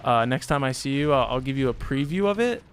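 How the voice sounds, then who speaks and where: A man's voice: mid-range voice, expressive, fast talker, a little hiss or hum. A young man streaming from home, telling a story in a loose, rambling way with lots of fillers. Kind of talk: casual storytelling chat.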